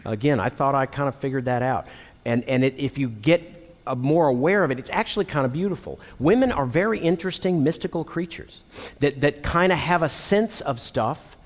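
A middle-aged man from Texas, preaching to men in an animated storytelling way, acting out quotes. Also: medium pitch, a little fast. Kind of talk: sermon to men. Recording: long hall reverb.

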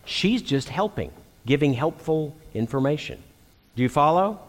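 A man's voice: a little high, moderate pace. Guy preaching to men, middle-aged, acts out little quotes, big hall echo. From Texas. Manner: animated storytelling with acted quotes. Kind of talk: sermon to men. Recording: long hall reverb.

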